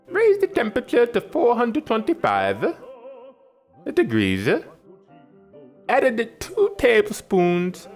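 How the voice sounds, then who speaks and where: A man putting on an exaggerated Italian accent to play an excitable pizza chef narrating a recipe. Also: sits high, pitched above the performer's own voice, exaggerated voice. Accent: put-on Italian. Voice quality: exaggerated sing-song accent.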